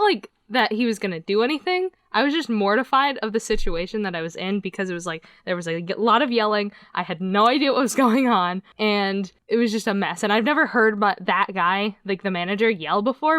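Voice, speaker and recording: A young woman co-hosting a podcast in casual chat, telling stories in an animated way and acting out the people she quotes. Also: medium pitch, no room sound, studio quality. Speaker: podcast co-host.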